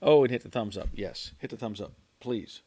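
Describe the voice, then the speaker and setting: A man hosting a casual livestream from his garage, reading viewer chat and answering in a halting way, repeating words and chuckling often. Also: lowish voice, background noise. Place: home garage.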